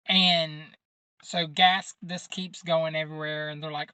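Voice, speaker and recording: A man's voice: a little high, flat delivery, a little slow, sharp tone, clean tone, no room sound. A man hosting a podcast, casually recapping a movie's plot in a rambling way, with lots of fillers and informal grammar. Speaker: podcast host.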